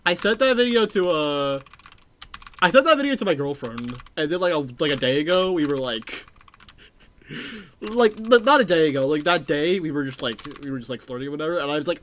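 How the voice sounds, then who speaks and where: A male streamer talks casually to his chat while playing a retro platformer. His pitch jumps around in an animated, lively way, and he curses and breaks into loud outbursts often. A faint clatter of typing runs underneath. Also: fairly quick, slight background noise. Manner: excitable, swears often, bursts of shouting and laughter.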